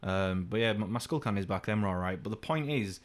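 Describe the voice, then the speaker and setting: A young man from England with a lowish voice, co-hosting a casual podcast. He rambles through his stories and swears freely, now and then jumping high to act out what someone said. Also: expressive, fast talker. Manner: swearing, rambling anecdotes, acts out quotes in a high voice. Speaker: podcast co-host. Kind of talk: casual chat.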